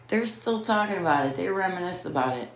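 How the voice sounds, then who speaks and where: A woman's voice: fairly low pitch, expressive, moderate pace, slight background noise. A middle-aged woman telling a rambling personal story in a casual, profane way, laughing often. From Chicago area.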